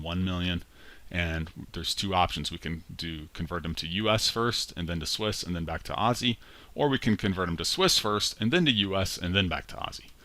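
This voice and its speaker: A man's voice: sits low, sharp tone. A male instructor talking through a spreadsheet tutorial in a conversational way, correcting himself as he goes. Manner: conversational, walks through steps aloud with self-corrections. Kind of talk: screen-recorded spreadsheet tutorial.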